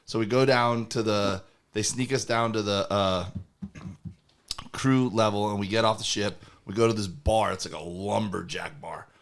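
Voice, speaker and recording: A man co-hosting a comedy podcast, telling rambling anecdotes in a casual, animated way. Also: fairly low pitch, normal speed. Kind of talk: casual storytelling.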